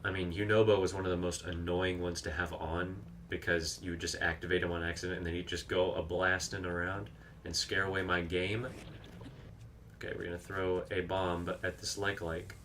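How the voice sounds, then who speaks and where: A man's voice: sits low, little pitch movement, fairly quick, a bit bright, a little hiss or hum. A man streaming a video game, chatting casually, reacting aloud to the action and reading out viewer comments. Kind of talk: live gameplay commentary.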